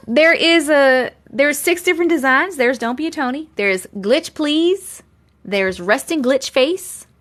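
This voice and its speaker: A woman's voice: fairly high pitch, fairly bright tone. A woman from Long Island hosting a casual live stream from home, chatting with viewers, thanking them by name and laughing often. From Long Island, USA. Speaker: live-stream host reading chat.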